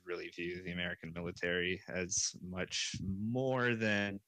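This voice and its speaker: Very deep-voiced blunt man. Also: unhurried, bright, forceful tone, dry recording. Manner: blunt, crude, cynical. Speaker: panel guest. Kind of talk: casual debate chat.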